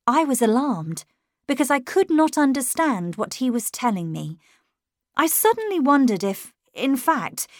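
A woman narrating a classic ghost story as an audiobook in the first person, with measured, expressive delivery on a close studio mic. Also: sits high, no echo. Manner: measured and expressive, dramatic at tense moments.

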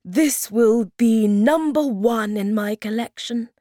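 A woman's voice: fairly high pitch, slow, mellow, no echo, studio quality, voice pushed up. A woman reading a storybook aloud, voicing a fussy, gloomy male creature who collects things. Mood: excited.

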